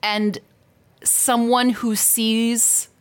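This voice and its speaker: A woman co-hosting a podcast in casual chat, teasing with deadpan jokes. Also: a little high, drawn-out words, smooth. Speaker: podcast co-host.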